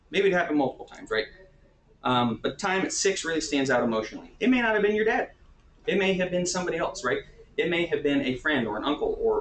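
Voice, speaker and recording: A man's voice: medium pitch, a bit bright, slight background noise. Casual male teacher in an echoey room. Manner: casual, often checks in with "right?". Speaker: therapist teaching a class. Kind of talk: conversational teaching talk.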